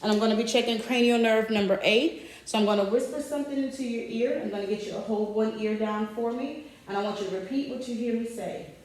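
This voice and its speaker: A woman, a nursing student, calmly demonstrating a physical assessment, stating findings aloud and giving the patient simple instructions. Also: a little high, fast talker, few pauses. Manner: methodical, calm, narrating findings aloud while instructing the patient. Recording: very echoey room, picked up from a distant mic.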